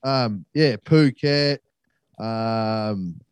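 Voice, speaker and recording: A man's voice: lowish voice, drawn-out words, smooth, dry recording. A young Australian man telling a travel story in casual, sweary chat. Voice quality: sweary, laid-back storytelling.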